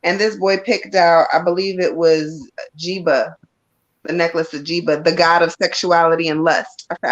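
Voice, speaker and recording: A frank, chatty woman doing a live tarot reading, her voice sitting a bit low. The stream audio sounds dull and lo-fi, and she mixes blunt jokes with spirit messages. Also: fairly even intonation, normal speed. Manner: frank, chatty, laughs and curses freely. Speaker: psychic reader.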